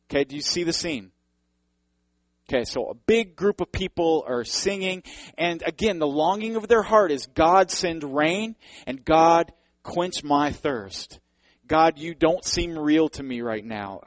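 A man's voice: a little high, no room sound, poor audio. Fervent male preacher, dry close sound. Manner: earnest, building to fervent emphasis; speaks directly to the congregation. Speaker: pastor. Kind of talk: sermon.

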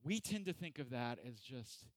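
A man's voice: medium pitch, moderate pace, no echo. A man preaching a casual, joking sermon who acts out the people in the story. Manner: animated, joking, acts out voices. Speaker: pastor. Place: church hall.

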